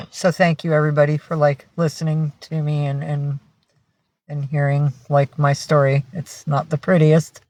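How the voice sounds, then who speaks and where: A woman's voice: sits low, level tone, normal speed, a little mellow, dry recording. A woman chatting casually on a livestream, greeting and thanking viewers by name and cooing at her pets. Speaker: livestream host.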